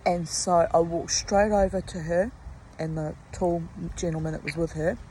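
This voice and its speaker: A woman's voice: fairly low pitch, steady tone, normal speed, warm tone, slight background noise, rough recording. A middle-aged woman telling a story casually and with animation, cursing freely and restarting her sentences. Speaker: vlogger.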